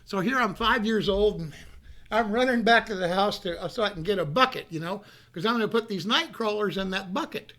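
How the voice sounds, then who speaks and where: A man's voice: high voice, a little fast, fairly bright tone. A man telling a rambling, folksy childhood story, often repeating himself. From North Carolina. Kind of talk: casual storytelling.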